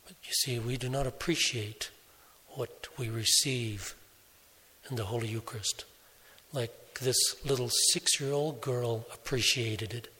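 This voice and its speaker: Slow-preaching man in a reverberant hall. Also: mid-range voice, steady tone. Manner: slow, deliberate storytelling with soft quoted voices. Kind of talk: sermon.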